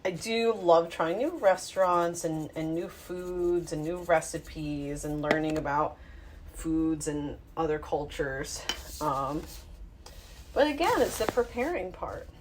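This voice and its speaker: A woman's voice: low voice, expressive, slow, slight background noise. A woman talking to her phone while she cooks in her home kitchen, rambling and self-mocking as she thinks aloud. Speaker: home cooking vlogger. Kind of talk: casual talk while cooking.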